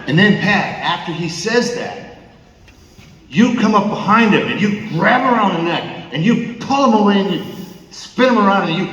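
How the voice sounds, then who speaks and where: An older man, an actor, telling lively anecdotes at a fan Q&A, mimicking others and laughing often. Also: high-pitched, fairly quick, dull audio. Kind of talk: storytelling Q&A on stage. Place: large theater with audience. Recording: distant, echoey hall with noise.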